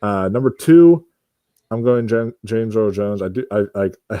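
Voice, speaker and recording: A man on a casual panel chat, animated and dropping into quick impressions. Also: fairly low pitch, dry recording, clean studio sound.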